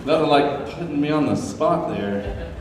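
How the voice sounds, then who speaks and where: A man's voice: fairly high pitch, animated, a little slow. A man hosting a live event, giving upbeat, joking welcome remarks and house rules to an audience. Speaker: event host. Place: large open ground-floor hall. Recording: echoey hall, mic far off, faint room noise.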